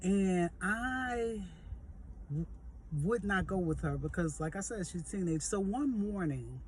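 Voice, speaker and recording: Animated woman telling a testimony story. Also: medium pitch, measured pace, a little hiss or hum. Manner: animated, jokey storyteller who acts out quoted voices; conversational, addresses listeners directly. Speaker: vlog host sharing a testimony.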